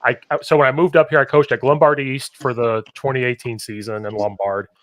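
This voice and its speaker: Animated male coach telling stories. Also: mid-range voice, a little fast. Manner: animated storyteller, acts out quoted voices. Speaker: podcast host and football coach. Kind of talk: casual podcast conversation.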